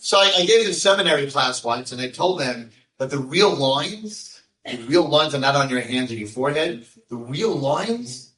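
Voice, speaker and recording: Older rabbi telling a story in an echoey room. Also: male voice, medium pitch, normal speed, hardly any pauses. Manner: animated storyteller, acts out voices, jokes with the crowd. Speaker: rabbi giving a talk. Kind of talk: storytelling talk to an audience. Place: lecture room with audience. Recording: echoey room, mic at a distance.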